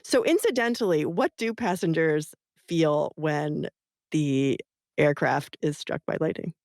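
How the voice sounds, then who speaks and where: A woman's voice: low voice, a little slow, a little mellow, no echo, studio quality. A woman hosting a podcast interview, attentive and encouraging as she asks questions. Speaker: podcast host. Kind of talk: interview chat.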